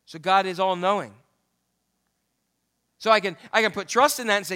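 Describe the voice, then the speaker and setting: A man preaching a sermon in a loose, conversational way, reading scripture and turning questions back to his listeners. His voice is high and bright. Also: normal speed. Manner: conversational, asks the audience questions.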